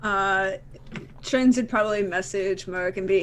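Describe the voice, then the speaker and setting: A woman playing a tabletop role-playing game, joking and pushing back in quick exchanges with the game master. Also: mid-range voice. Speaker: player.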